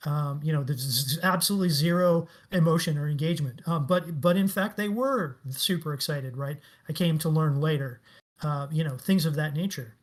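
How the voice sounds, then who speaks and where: A man's voice: a little high, moderate pace. Enthusiastic middle-aged man being interviewed. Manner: enthusiastic, emphatic storyteller. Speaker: guest, game industry veteran. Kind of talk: casual interview chat.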